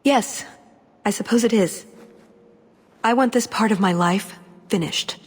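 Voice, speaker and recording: An actress voicing a brisk young female elf rogue in a video game, talking in a terse, businesslike way. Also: mid-range voice, breathy edge, big-room sound. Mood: urgent.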